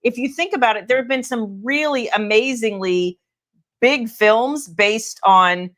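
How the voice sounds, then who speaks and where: A woman's voice: a little high, a little slow, fairly bright tone. A middle-aged woman, a romance author, chatting casually on a livestream with rambling asides to viewers. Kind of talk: casual live chat.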